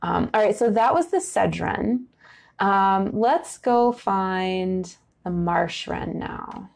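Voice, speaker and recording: Gravelly-voiced woman teaching about birds. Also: medium pitch, animated, slow pace, darkish tone. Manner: casual, many "um" fillers, answers viewer questions. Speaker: education director. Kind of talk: online bird education talk.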